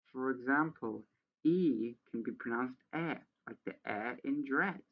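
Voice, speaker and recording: A man's voice: mid-range voice, highs cut off. A man giving sarcastic, exasperated commentary as he reads a how-to page aloud, with a lot of swearing. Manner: exasperated, profane ranting. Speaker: video creator.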